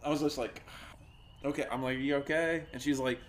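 A man's voice: medium pitch, steady tone, brisk, slight background noise. A man in casual podcast chat, telling stories animatedly and acting out the voices and sounds of the people in them.

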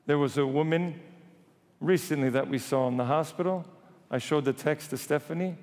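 A priest delivers a sermon in a fairly high voice, slipping into casual voices for the people in the Gospel story. His words ring out with a long reverb, as in a large church. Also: normal speed. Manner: retells scripture in lively everyday voices, animated.

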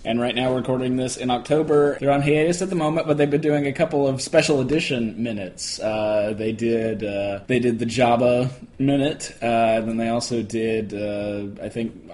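A man co-hosting a podcast, joking in casual chat with halting fillers. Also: medium pitch, a little mellow. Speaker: podcast co-host.

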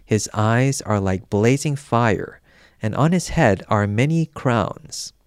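A man reading scripture aloud in a measured, solemn, unhurried way. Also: medium pitch, expressive, smooth, no echo, clean studio sound. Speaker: scripture reader.

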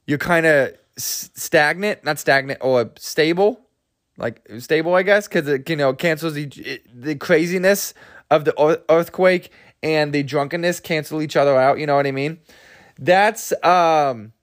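A young man hosting a comedy podcast, rambling through a bit with lots of fillers while overtired. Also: on the high side. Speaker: podcast host.

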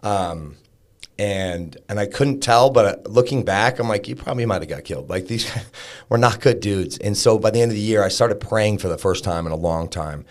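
A man's voice: on the low side, normal speed. A man telling a raw personal story as a podcast guest, frank and casual, swearing and peppering his talk with fillers. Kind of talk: candid personal storytelling in an interview.

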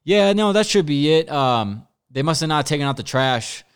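A man voicing a casual, offhand guy on a phone call, pitched well above his own voice. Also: expressive, moderate pace, clean tone, close to an everyday voice.

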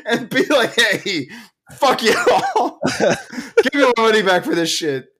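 A slightly tipsy man rants at full volume on a casual podcast, his voice sitting fairly high for a man. He swears constantly and breaks into laughter between angry outbursts. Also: very animated, unhurried. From Oklahoma, USA. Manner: loud, profane, ranting, laughing. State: a little drunk. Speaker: podcast co-host.

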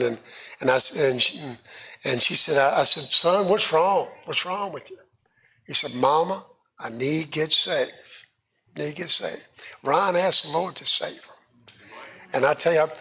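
A man with a drawl preaches from personal testimony. His voice sits a little high for a man, and he talks haltingly, restarting phrases and doubling words as he goes. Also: gravelly, bright, forceful tone, husky. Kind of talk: sermon testimony.

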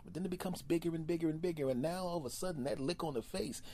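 A man hosting a solo comedy podcast, riffing in an animated, repetitive way. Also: a little high, racing, slight background noise. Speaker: podcast host.

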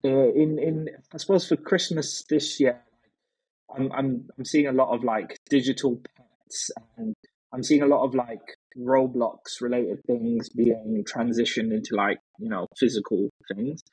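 A man talking as a podcast guest, telling stories in an animated way with many fillers. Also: medium pitch, unhurried, slightly rough, no echo, poor audio. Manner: animated storyteller, frequent fillers and restarts. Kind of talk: casual chat.

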